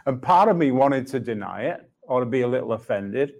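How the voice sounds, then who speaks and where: A man's voice: medium pitch, animated, moderate pace, a little mellow. A middle-aged man sharing a personal testimony in conversation, reflective and laughing often as he acts out his dialogues with God. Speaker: Christian speaker.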